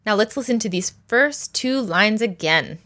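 A woman leads a language lesson in a mid-pitched voice. She is patient and methodical, and she slows down to repeat each word for her learners. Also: animated, pushed and bright. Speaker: language teacher.

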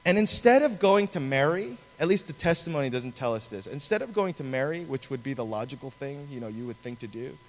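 A man preaching a sermon, telling a story in an animated, conversational way, in a large cathedral. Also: mid-range voice, a little fast, few pauses, slight background noise. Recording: long reverb of a large hall.

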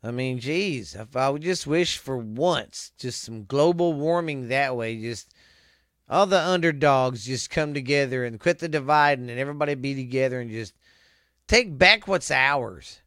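A man with a slightly high voice pours out a profane, rambling rant at the close of his show. He swears in nearly every sentence and keeps circling back to how irritated he is. The sound is dry and close, with no room around it. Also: fairly bright tone, no echo. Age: adult with children. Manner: swears constantly, rambling and heated. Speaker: show host. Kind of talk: angry profane rant to listeners.

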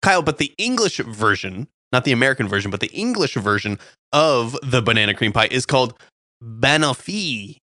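A playful man co-hosts with a bright, lively voice that swoops up and down as he jokes. The sound is dry and close. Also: mid-range voice, a little fast, no room sound. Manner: playful, jokey, laughs often. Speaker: co-host of a cooking show. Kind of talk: casual banter.

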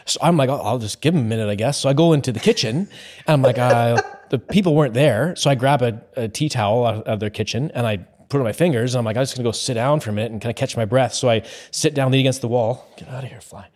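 Male podcast host, mid-range voice, animated storyteller who acts out his own quotes. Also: mid-range voice, fast. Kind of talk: casual storytelling chat.

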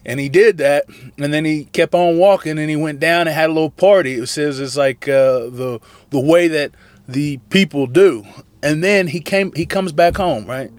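A man casually retelling a Bible story in slangy, animated talk, acting out the characters' lines. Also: on the high side, moderate pace, no echo. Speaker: Bible study teacher.

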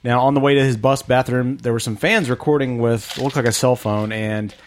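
A man's voice: medium pitch, fairly even intonation, fairly quick, slight background noise. A man hosting a casual chat podcast, joking as he runs through news items by category. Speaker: podcast host.

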